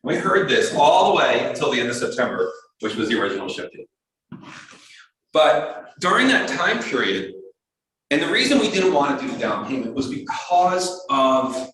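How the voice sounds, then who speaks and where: A man giving a storytelling talk to an astronomy club, lively and acting out the voices of other people. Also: normal speed. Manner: animated, acts out quoted voices in a higher pitch. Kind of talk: storytelling lecture. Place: community hall talk. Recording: very echoey hall, speaker far from mic.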